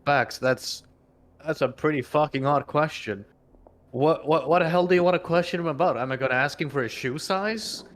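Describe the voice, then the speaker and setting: A man's voice: fairly high pitch, moderate pace. Sarcastic man at the game table. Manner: sarcastic, swears casually. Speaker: player. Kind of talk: casual tabletop game play.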